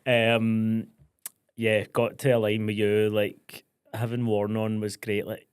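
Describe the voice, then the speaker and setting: Scottish male co-host, young, chatty and playful, lowish voice, dry studio sound. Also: monotone, slow, clear, resonant tone, dry recording. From Scotland. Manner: chatty, jokey, acts out quoted exchanges. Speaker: podcast co-host. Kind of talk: casual chat.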